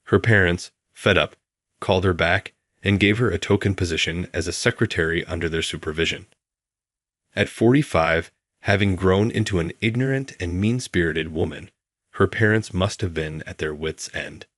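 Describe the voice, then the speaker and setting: Male narrator, very low voice, calm and even delivery, dry close recording. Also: normal speed, no echo. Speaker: storyteller. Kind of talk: scripted first-person story narration.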